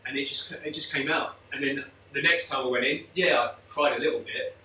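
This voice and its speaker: A man's voice: medium pitch, brisk, sharp tone, slight background noise. A man talking openly and emotionally as a guest, with many restarts. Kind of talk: candid conversational interview. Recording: echoey room, mic at a distance.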